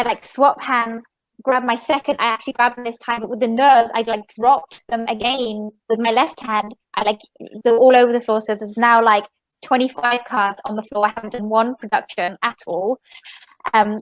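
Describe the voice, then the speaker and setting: A woman magician and podcast guest, telling a story in a rambling, animated way with many fillers and restarts. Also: on the high side, no room sound, low-quality recording. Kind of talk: casual storytelling interview.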